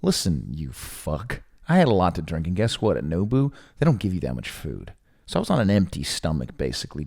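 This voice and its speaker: Profane ranting man, lively pitch. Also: gravelly. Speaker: podcast co-host. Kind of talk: casual chat.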